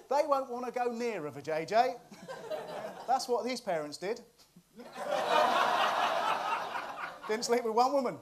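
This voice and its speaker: A man hosting a comic news monologue, cheeky and often laughing at his own jokes. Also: high voice. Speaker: comedy show host.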